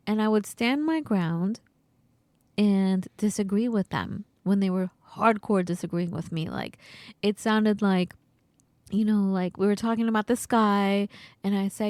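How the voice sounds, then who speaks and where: There's no room sound as this podcast co-host, a woman with a medium-pitched voice, talks a little slowly. She chats casually, telling animated stories and imitating the voices of the people in them.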